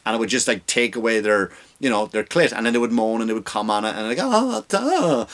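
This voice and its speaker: A man's voice: on the low side, level tone, fast, fairly bright tone. A man hosting a comedy podcast who rants with heavy swearing and rambling restarts. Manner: profane, ranting, rambling with restarts. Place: home recording setup with lights.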